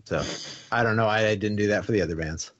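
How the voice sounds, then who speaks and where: A man's voice: lowish voice, fast talker, lo-fi sound. A man co-hosting a podcast, casually sharing laid-back, offhand opinions. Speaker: podcast co-host. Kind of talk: casual chat.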